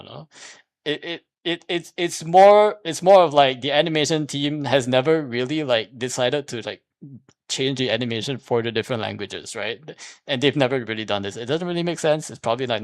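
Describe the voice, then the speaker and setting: In a recording with no room sound, a mid-range male voice rambles through an argument on a casual stream, restarting often and leaning on fillers. "Here's the thing" comes up again and again when he presses his point.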